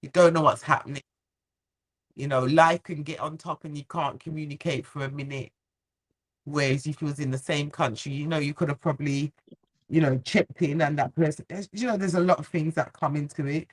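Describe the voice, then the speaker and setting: A woman's voice: low voice, fairly even intonation, fairly quick. A woman co-hosting a casual live stream chat, speaking frankly and earnestly and laughing easily. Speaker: co-host.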